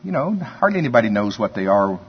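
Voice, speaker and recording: Husky preacher, folksy storytelling. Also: male voice, mid-range voice, very animated, fast. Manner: conversational storytelling, chuckles often. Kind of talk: folksy sermon. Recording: dull lo-fi sermon recording.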